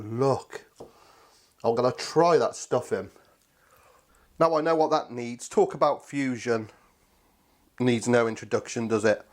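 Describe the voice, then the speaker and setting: A man hosting a casual cooking video, chatty and enthusiastic, talking to viewers as his friends. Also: medium pitch. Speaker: cooking channel host.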